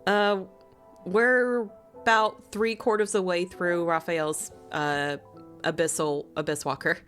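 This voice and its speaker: A young woman streaming casually, excitable, laughing and swearing as she chats with her viewers. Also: on the low side, takes it slowly, soft background music. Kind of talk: casual live-stream chat.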